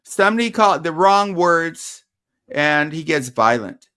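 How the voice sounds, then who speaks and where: Teasing man with a smooth voice. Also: on the high side, expressive, unhurried, sharp tone. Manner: teasing, needling. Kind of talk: casual chat.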